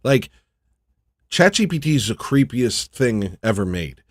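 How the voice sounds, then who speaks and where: A man's voice: medium pitch, big pitch swings, normal speed, no room sound. Rambling sarcastic man on a dry mic. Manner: sarcastic, rambling, mocking impressions. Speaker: livestream host. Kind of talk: casual livestream commentary.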